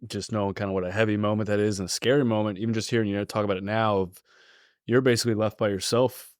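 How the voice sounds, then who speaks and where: A man's voice: fairly low pitch, level tone, fast, clear, resonant tone, no echo, studio quality. A man co-hosting a podcast, rambling and recapping in a loose, playful way. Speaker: podcast co-host. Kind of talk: casual podcast chat.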